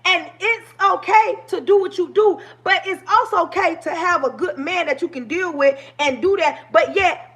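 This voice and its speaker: Woman in her forties, high-pitched voice, passionate livestream talk, preachy, straight into a phone. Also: fairly bright tone. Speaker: livestream host.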